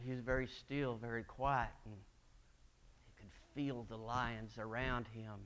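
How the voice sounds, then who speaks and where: A man's voice: medium pitch, little pitch movement, measured pace, fairly bright tone, clean tone. A middle-aged man preaching a sermon, telling folksy stories and acting out the voices of the people in them. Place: church sanctuary.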